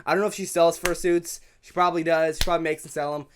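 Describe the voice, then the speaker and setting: A young woman hosting a reaction video, talking casually and sarcastically, sometimes jumping into shrill mocking voices. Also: steady tone, fast, slight background noise.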